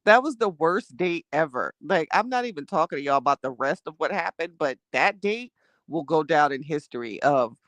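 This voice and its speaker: With a deep voice and no room sound in the recording, a young woman livestreams and shares a dating story with her chat. She's casual and animated, laughing and reading out viewers' names.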